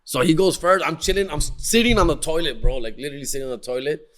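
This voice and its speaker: A young man tells wild stories on his podcast, slangy and excitable, dropping Spanish in as he goes. His voice is forceful and tense. It sits a touch higher than most men's. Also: fast talker. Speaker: podcast host. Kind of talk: casual storytelling.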